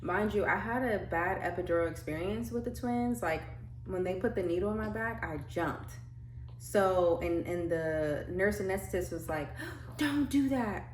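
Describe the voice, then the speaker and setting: A young woman vlogger tells her birth story in casual, chatty conversation, packed with "like" fillers and acted-out quotes. Her voice is lowish and at normal speed. The echoey room has faint ambience and a little hiss or hum.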